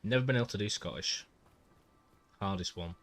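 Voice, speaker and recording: A man's voice: lowish voice, brisk, a bit bright, faint music behind. A man streaming a game, chatting casually and muttering to himself as he plays. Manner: chatty, mutters to himself while playing, drops into accent impressions. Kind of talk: casual gameplay livestream chat.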